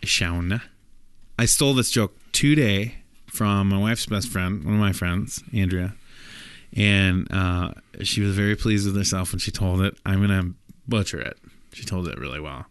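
Low-voiced man telling a long joke. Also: moderate pace, clear, resonant tone, dry recording. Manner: rambling storyteller, acts out characters' lines with jumps in pitch. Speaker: podcast co-host.

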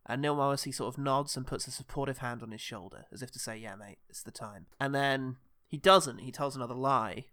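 Bright, crisp man chatting films. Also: mid-range voice, steady tone, fairly quick, few pauses, dry recording, clean studio sound. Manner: chatty, laughs often, acts out quotes. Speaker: podcast co-host. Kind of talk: casual film chat.

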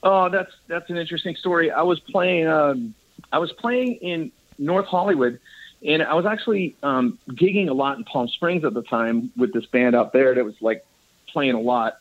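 Bass player guy rambling excitedly in an interview, kinda high voice, muffled lo-fi audio. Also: moderate pace. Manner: rambling, enthusiastic, laughs often, says dude. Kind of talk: casual interview storytelling. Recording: dull lo-fi audio.

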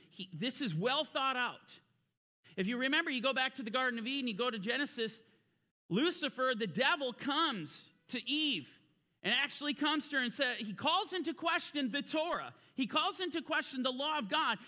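A man teaching a sermon-style Bible study, emphatic and fervent, posing rhetorical questions and building to forceful emphasis. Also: extremely high pitch.

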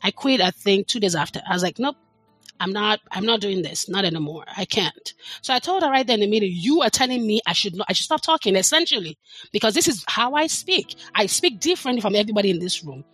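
A woman's voice: mid-range voice, animated, quick pace, fairly bright tone, breathy edge, dry recording, faint music behind. A middle-aged woman, talking as a podcast guest in a passionate, emphatic way, leaning hard on her words. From Nigeria. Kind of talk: casual chat.

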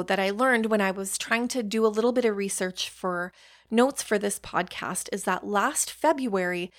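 A young adult woman hosting a podcast, telling personal stories in a chatty, casual way with casual swearing and self-deprecating asides. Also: medium pitch. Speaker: podcast host. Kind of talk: casual storytelling monologue.

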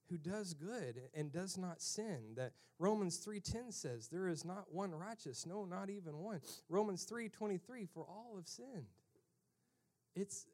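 A male pastor preaching a sermon, swinging from loud emphatic calls to hushed, almost whispered lines and acting out characters in mocking voices. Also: high-pitched.

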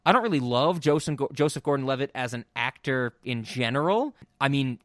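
A man's voice: medium pitch, lively intonation, fairly quick, fairly bright tone, no room sound, clean studio sound. A man hosting a podcast, chatting casually and rambling with strong opinions about film voice acting. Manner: rambling and opinionated, many ums and restarts, swears. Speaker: podcast host.

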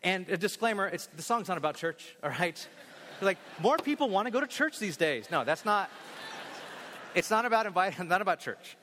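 Animated male pastor preaching in a hall. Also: high-pitched, moderate pace, slight background noise. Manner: animated, acts out scenes, jokes with the congregation. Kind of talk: sermon. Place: church sanctuary.

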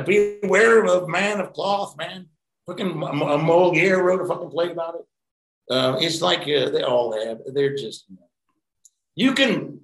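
A middle-aged man with a gravelly edge, telling loose, profane stories from his acting career. His voice rings a little in a reflective room, and he talks in a casual, digressive way. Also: fairly high pitch, reverberant, low-quality recording. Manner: rambling, profane, animated anecdotes. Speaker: actor, interview guest. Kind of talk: casual storytelling interview.

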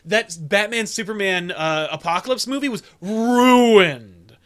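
A man co-hosting a casual chat about comics and movies over a remote call, animated and ranting, swearing freely. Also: high voice, a little slow. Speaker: podcast co-host.

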